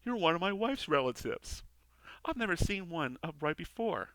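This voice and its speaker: A man's voice: fairly high pitch, sing-song, moderate pace, a bit bright, no echo, pitched above the performer's own voice, poor audio. A man reading lines as a grumpy middle-aged male shoe salesman, whiny and snide.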